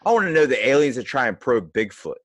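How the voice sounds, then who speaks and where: A man's voice: medium pitch, very animated, fast, no room sound. A male podcast co-host in casual chat, joking with irreverent banter.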